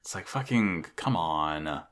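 A man's voice: low voice, animated, slow pace, fairly bright tone. A man co-hosting a casual podcast chat about an anime episode, sarcastic and full of profanity. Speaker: podcast co-host.

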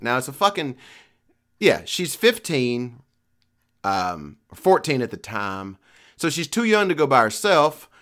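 A middle-aged man telling a long, profane story in casual chat, animated and playful. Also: medium pitch.

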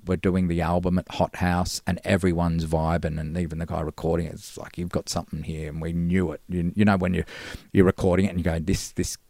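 A middle-aged man with a very deep, gravelly voice talks through his old band days. He rambles and slips into quoting what people said back then. The sound is dry and close, with no room around it. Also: flat delivery, a little fast, hardly any pauses, darkish tone, no echo. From Australia. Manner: rambling, acts out past dialogue. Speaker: former band singer, guest. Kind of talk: casual storytelling interview.

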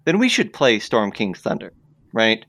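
A man with a somewhat low voice co-hosts a tabletop gaming podcast. He explains his view step by step and keeps checking that the others follow. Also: huge pitch swings, a little slow, a bit bright. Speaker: podcast co-host. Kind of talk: casual chat.

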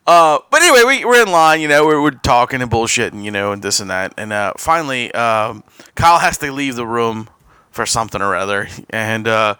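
Bright-voiced man telling a rambling story. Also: mid-range voice, animated, a little fast, clear, resonant tone, no echo. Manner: rambling anecdote with laughs and quoted asides. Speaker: podcast host. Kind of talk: casual storytelling chat.

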